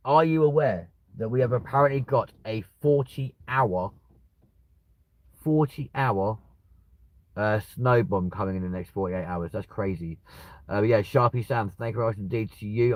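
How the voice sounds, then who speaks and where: Chatty man in his twenties, low voice. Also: dry recording, low-quality recording. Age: 20s. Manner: chatty and rambling, casual swearing, bursts of excitement. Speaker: livestream host. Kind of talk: casual live chat reading viewer comments.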